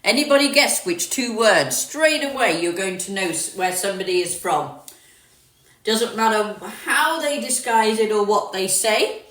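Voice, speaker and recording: A middle-aged London woman hosts a livestream on her phone, chatting casually as she reads and answers viewer comments. Her southern English accent carries some northern traces, and her medium-pitched voice is expressive and a bit bright at a moderate pace. She sounds distant from the mic in a roomy space.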